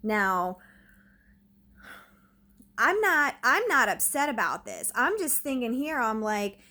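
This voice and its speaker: A woman's voice: fairly high pitch, very animated, slow, sharp tone. A woman vlogging from her own home, telling a story in an agitated, rambling way, full of "like". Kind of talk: casual storytelling to camera.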